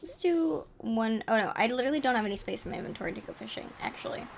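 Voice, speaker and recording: A woman's voice: on the high side, racing, creaky, a little hiss or hum. Playful rambling woman streamer. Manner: playful, rambling, giggly asides. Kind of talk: casual live gameplay chat.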